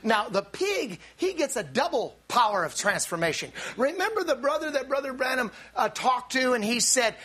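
A man preaching with a high, bright voice that swings widely in pitch. He delivers the sermon with animated energy, stumbling over restarts and rising to shouts. His tone is sharp and forceful throughout. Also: normal speed, hardly any pauses.

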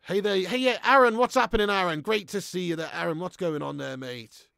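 A young man hosting a live football watch-along, chatting with viewers in a laddish, sweary way and breaking into shouts at big moments. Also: sits high, fairly quick, creaky, no echo, studio quality. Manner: laddish banter, swears freely, reads chat aloud, bursts into shouts. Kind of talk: live stream chat and commentary.

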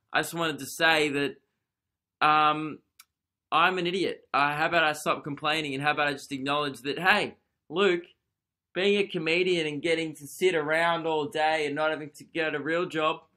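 A young Australian man, a comedian hosting his own podcast from his lounge room, rambling and mocking himself with quick asides. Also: on the high side, bright, forceful tone. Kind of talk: casual solo podcast rant. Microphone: desk podcast microphone.

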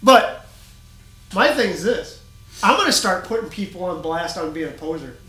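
A man's voice: high-pitched, lively intonation, normal speed, bright, forceful tone. Ranting, swearing man in an echoey room. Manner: ranting, heated, swears a lot. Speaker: podcast co-host, group admin. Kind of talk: casual profane chat.

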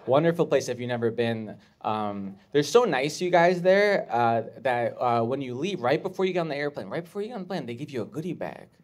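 A man doing a stand-up comedy set, talking in an awkward, halting way with restarts and jumping up into shrill voices when he quotes people. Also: animated. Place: comedy club stage with live audience. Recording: clear live audience laughter.

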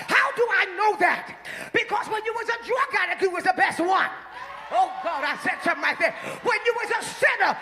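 A woman preacher giving a sermon, shouting and drawing out her phrases to urge the congregation to answer back. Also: very high voice. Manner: shouting call-and-response preaching, drawn-out emphatic phrases.

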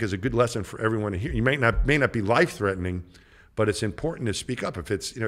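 Deep-voiced man around sixty telling a story. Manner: rambling, conversational storytelling with many restarts; acts out others' lines in quoted voices. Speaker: podcast guest, former astronaut. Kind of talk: casual anecdote telling.

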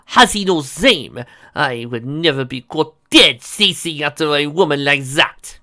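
A man's voice: fairly high pitch, animated, measured pace, bright, forceful tone, pitched above the performer's own voice, full character voice. A man doing a pompous guard captain. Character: pompous young male royal guard captain, lovesick and jumpy.

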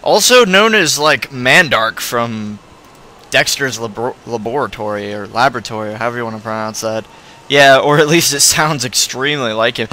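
A man's voice: medium pitch, normal speed, bright, forceful tone. A man giving casual, rambling commentary while playing a video game, full of restarts and self-corrections. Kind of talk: let's play commentary.

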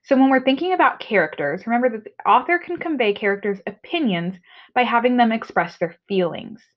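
A woman's voice: fairly high pitch, expressive, fairly quick. Friendly woman teacher on a lo-fi recording. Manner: friendly, explanatory, with frequent "okay"s. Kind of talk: remote reading lesson. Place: home. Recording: dull lo-fi recording.

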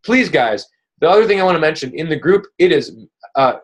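A man's voice: fairly high pitch, expressive, a little fast. A man hosting a weekly coaching call, talking casually and upbeat, rambling with many fillers and restarts. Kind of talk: casual motivational coaching talk.

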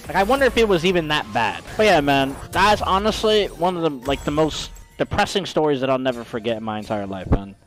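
A man's voice: a little high, big pitch swings, fairly quick, hardly any pauses, soft background music. A man streaming a game while telling a story in casual, profane slang, calling his listeners bro.

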